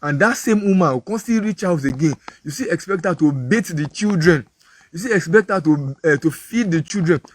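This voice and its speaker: A man's voice: fairly high pitch, animated, moderate pace, a little hiss or hum. Nigerian preacher man telling stories. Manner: repetitive, vivid storyteller. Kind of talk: moral talk with storytelling.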